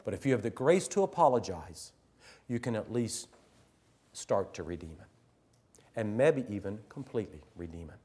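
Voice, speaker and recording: A middle-aged man, a teacher addressing fellow teachers, telling a story earnestly, swinging from loud emphasis to hushed near-whispers. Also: on the low side, very animated, moderate pace, pauses often, husky. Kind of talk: storytelling talk to an audience.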